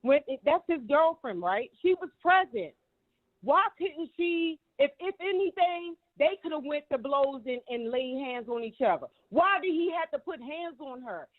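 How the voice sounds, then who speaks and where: A woman's voice: sits high, lively intonation, normal speed. A woman giving heated, emphatic commentary, repeating herself and cursing freely. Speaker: guest commentator. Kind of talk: casual commentary. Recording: tinny phone line.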